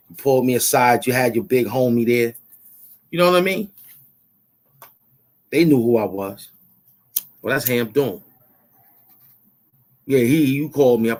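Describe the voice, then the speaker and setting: A man's voice: mid-range voice, moderate pace, long pauses, darkish tone. A man hosting his own channel, taunting and repeating himself as he demands money he says he is owed. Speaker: YouTube show host. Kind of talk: confrontational rant to camera.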